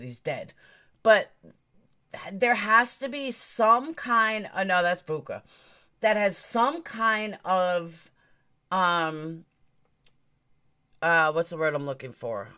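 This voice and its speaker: A woman's voice: mid-range voice, pushed and bright. A woman hosting a true crime live stream, talking straight to her chat in a blunt, emphatic, opinionated way.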